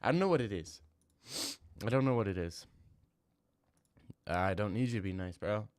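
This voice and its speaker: Brash low-voiced young man streaming. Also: expressive, moderate pace, dry recording. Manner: brash, trash-talking, slangy, rambling. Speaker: livestreamer reading chat. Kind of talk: casual live-stream chat.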